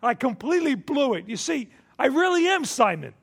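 A preacher doing an impulsive apostle who has just failed his friend. The voice sits high with a gravelly edge. He pleads loudly, close to shouting. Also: very animated, normal speed, full character voice. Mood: anguished. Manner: loud, pleading, near shouting. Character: impulsive grown man apostle, crushed by his own failure.

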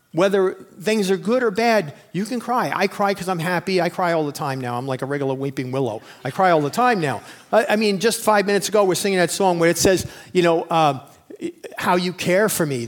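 A man in his forties preaching a sermon in an emphatic, conversational way, full of rhetorical questions. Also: high-pitched. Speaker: pastor.

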